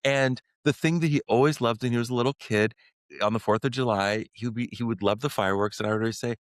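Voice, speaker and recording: Speaking at a medium pitch with no room sound, a middle-aged podcast guest recounts something from his own life. He's sincere but stumbles, using lots of fillers and starting over often.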